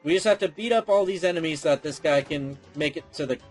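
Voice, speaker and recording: A chatty man talks through his gameplay in a casual, self-deprecating way, his voice sitting a touch higher than most men's. Game music plays faintly underneath. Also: fast. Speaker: let's play host.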